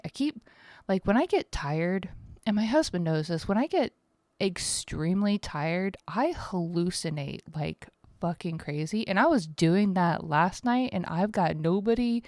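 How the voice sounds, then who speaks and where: A woman's voice: fairly low pitch, animated, unhurried, a little mellow, no room sound, studio quality. A woman in her thirties hosting a casual solo podcast from home, tired, rambling and candid, swearing freely. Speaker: podcast host.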